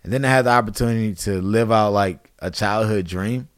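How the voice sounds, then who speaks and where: A man's voice: lowish voice, brisk, clean tone, no echo, studio quality. A man in his thirties in casual conversation, telling a story with animation and acting out quotes in a raised voice. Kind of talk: casual chat.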